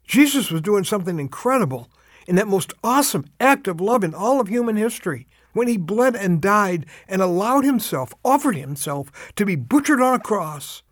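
A man's voice: high-pitched, very animated, no echo, studio quality. Earnest man, heartfelt devotional host. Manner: heartfelt, emphatic storytelling; slows down to stress urgent calls to action.

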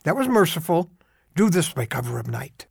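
A middle-aged man giving a short radio devotional, telling a story in an animated, conversational way. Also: a little high, moderate pace, vocal fry, slightly rough, no echo, studio quality.

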